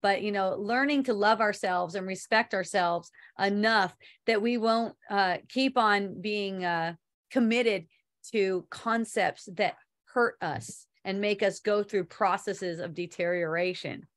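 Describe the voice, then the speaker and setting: A woman's voice: medium pitch, unhurried, a bit bright. A woman giving an online spiritual talk, rambling loosely, laughing often, swearing casually and reading viewer comments aloud.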